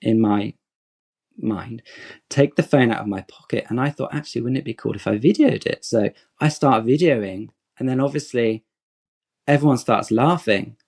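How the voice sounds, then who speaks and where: A man's voice: medium pitch, moderate pace, gravelly, slightly rough. A man in his forties telling a long fan story in a casual podcast chat, acting out quotes as he goes. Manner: animated, digressive anecdote with acted-out quotes.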